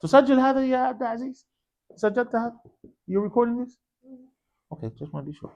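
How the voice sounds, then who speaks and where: A man leads an Arabic lesson in a mosque classroom, mixing English with short Arabic phrases. His voice sits high and swoops widely as he keeps quizzing the class with "what?" and drills them call-and-response style. The effect is a very animated delivery. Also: rapid-fire, muffled recording. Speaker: Arabic teacher.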